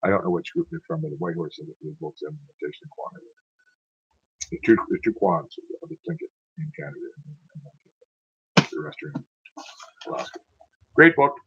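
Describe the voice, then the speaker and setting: A man's voice: a little high, sing-song, moderate pace, creaky, pauses often, a bit bright, slightly rough, no room sound. A tired man who reads poems aloud, then rambles and corrects himself as he stumbles over words. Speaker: poetry reader. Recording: dull lo-fi sound, dry.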